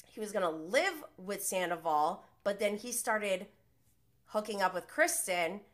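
A woman's voice: mid-range voice, expressive, measured pace. A woman hosting a podcast, recapping reality TV in a gossipy, opinionated way and swearing freely. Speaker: podcast host.

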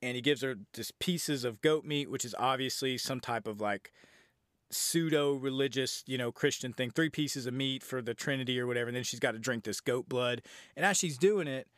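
A man's voice: medium pitch, moderate pace, fairly bright tone, no echo, studio quality. A man casually recapping and reviewing a horror film on his podcast, rambling and swearing freely. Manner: rambling, profane, conversational.

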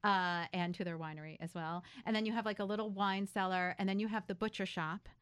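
A woman's voice: mid-range voice, fairly even intonation, fairly quick, fairly bright tone, clean tone. A woman hosting a talk show, interviewing guests in a chatty, enthusiastic way. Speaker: radio talk show host. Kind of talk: live interview chat.

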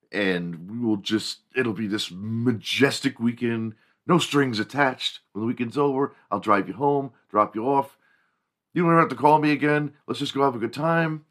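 A man voicing a flirty woman offering a weekend away, talking in a seductive, drawn-out way. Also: medium pitch, close to an everyday voice.

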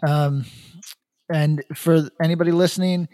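A man co-hosting a podcast in loose casual chat. His voice sits a little high for a man, and he rambles, swears and restarts his sentences. The sound is dry and close, with no room echo. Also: fairly even intonation, measured pace, mellow. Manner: rambling, profane, many restarts. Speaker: podcast co-host.

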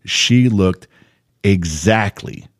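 A man co-hosting a podcast in casual chat, telling a story with animated delivery and putting on the voices of the people in it. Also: deep voice, very slow, no room sound, clean studio sound. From Central California. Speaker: podcast co-host.

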